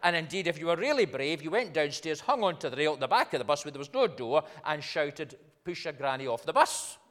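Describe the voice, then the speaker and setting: A man's voice: a little high, lively intonation, fast, fairly bright tone, long reverb tail. An older man, a minister preaching a sermon in a conversational way, building up to emphatic points. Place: church.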